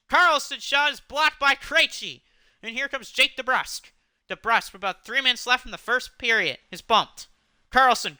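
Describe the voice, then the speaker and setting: Man for hobby hockey-game play-by-play, very bright and clean voice, dry close sound. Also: high-pitched, clear, resonant tone, no room sound. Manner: rapid name-calling, stops to fix his own pronunciation. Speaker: play-by-play commentator.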